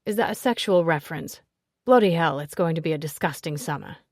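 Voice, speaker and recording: A man's voice: fairly high pitch, unhurried, no room sound. A woman voicing a teasing, blunt young man with a dry, mocking drawl, in an audiobook.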